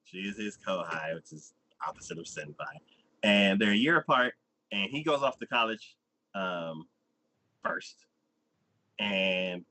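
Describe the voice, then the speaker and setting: A man co-hosting a casual podcast chat, laid-back, laughing often and filling pauses with ums. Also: fairly low pitch, pushed and bright, no echo, poor audio. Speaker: podcast co-host.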